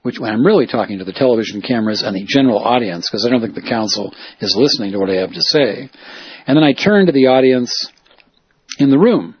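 A man's voice: mid-range voice, animated, quick pace, husky, no echo, highs cut off. A man, a reporter and activist, talking in a rambling, self-correcting way as he recounts and explains. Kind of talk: casual spoken monologue.

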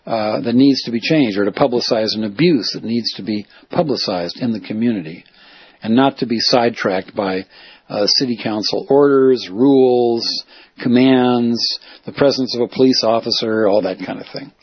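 Male reporter-activist, rambling monologue, husky, dull lo-fi audio. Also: medium pitch, moderate pace, no room sound. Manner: rambling, digressive, self-correcting. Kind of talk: casual spoken monologue.

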